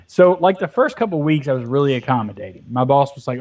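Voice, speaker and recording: A man's voice: medium pitch, expressive, fast, few pauses, a little mellow. Profane ranting man. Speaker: Minecraft let's play co-host. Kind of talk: casual gaming chat. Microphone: headset or desk mic, volume fading at times.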